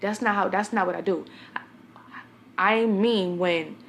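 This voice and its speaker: Young woman vlogger from Brooklyn, medium-pitched, blunt and chatty, talks straight to her viewers. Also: unhurried, vocal fry, a bit bright, slight background noise. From Brooklyn, New York. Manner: chatty, blunt storyteller addressing viewers directly. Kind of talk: casual talk to camera.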